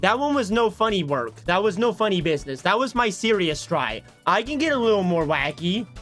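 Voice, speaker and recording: A man's voice: high-pitched, big pitch swings, fairly quick, a bit bright, faint music behind. Chatty, self-mocking male streamer. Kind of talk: casual livestream chat. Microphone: desk microphone.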